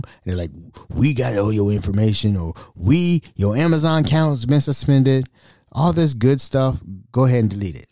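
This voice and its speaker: A man's voice: mid-range voice, mellow, no echo, clean studio sound. A young adult man hosting a podcast, telling a comic story in a loose, rambling way with frequent restarts. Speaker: podcast host. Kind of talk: casual podcast monologue.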